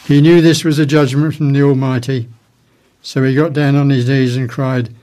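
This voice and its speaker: Man telling jokes, a little halting. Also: medium pitch. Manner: hesitant at first, restarting words, then a steady storyteller. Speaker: radio guest telling jokes.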